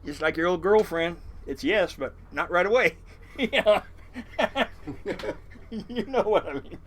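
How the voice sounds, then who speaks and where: A man's voice: sits high, animated, unhurried, a bit bright. An older man, a fishing boat captain, telling rambling stories in a casual interview, swearing freely and chuckling through many restarts.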